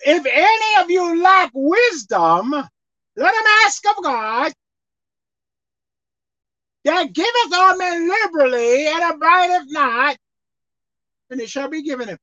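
A woman's voice: high-pitched, expressive, slow pace, long pauses, sharp tone, dry recording. A woman preaching a sermon. She calls out to her listeners and acts out pleading prayers. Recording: muffled lo-fi recording.

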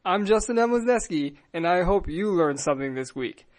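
A man's voice: high-pitched, expressive, brisk, few pauses. A man hosting a podcast in casual chat, teasing his co-hosts with wry quips. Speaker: podcast host.

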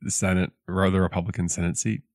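A man who teaches high school English, talking in a casual podcast chat, wordy and self-deprecating, often pausing on ums. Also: fairly even intonation, a little mellow, no echo, clean studio sound.

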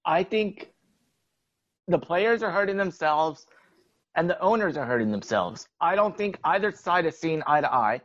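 A man's voice: on the high side, lively intonation, moderate pace, a bit bright, no room sound, dull audio. A young man co-hosting a casual sports podcast, explaining his view steadily and often saying "like". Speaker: podcast co-host.

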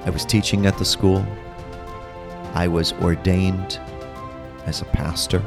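A middle-aged man, a pastor and podcast host, earnestly telling his personal testimony with dramatic pauses. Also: deep voice, flat delivery, music in the background.

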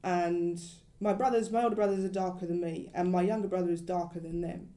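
Speaking fairly fast in a lowish register, this woman co-hosts a relaxed chat. Her sentences come out as loose fragments that trail off, and she perks up, raising her voice, whenever she repeats what others said.

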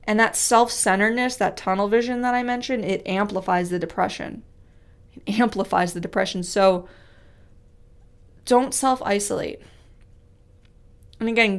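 A woman giving a devotional Bible teaching, earnest and conversational, who repeats key phrases for emphasis and reads scripture slowly and weightily. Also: mid-range voice. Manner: reads scripture aloud with slow, weighty delivery. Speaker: speaker teaching a Bible study.

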